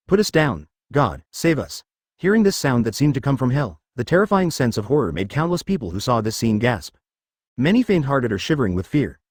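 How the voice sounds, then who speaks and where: A man's voice: medium pitch, a little mellow, no room sound, studio quality. A man reading a web novel aloud as narrator, dramatic with stiff translated phrasing.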